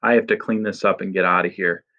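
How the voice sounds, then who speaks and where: A man's voice: sits low, fairly even intonation, fast talker, lo-fi sound. A man voicing a big, strong, brutal villain who sneers and threatens. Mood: muttering. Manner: sneering, menacing.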